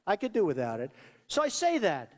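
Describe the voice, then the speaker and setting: A man's voice: sits high, wildly swooping pitch, brisk. A man giving an off-the-cuff campaign rally speech, rambling, repetitive and boastful. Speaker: political candidate. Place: large rally venue. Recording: long reverb of a big hall.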